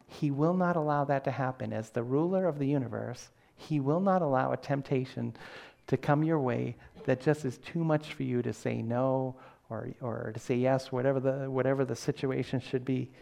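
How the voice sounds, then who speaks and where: A man's voice: mid-range voice, moderate pace, creaky, darkish tone. A middle-aged man preaching a sermon in an earnest, conversational way, often restarting his sentences. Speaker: pastor.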